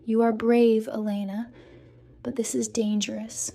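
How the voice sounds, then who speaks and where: A woman's voice: a little high, level tone, a little slow, dark tone. A woman reading the lines of a cautious male teacher colleague in a storybook. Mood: wary.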